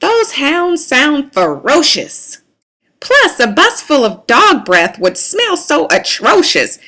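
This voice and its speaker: A fussy mother cat lays down the law with emphatic, dramatic lines, as a woman reads her out. The voice sits a little high and moves a lot, like a storybook parent being theatrical. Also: huge pitch swings, slow, pushed and bright, full character voice.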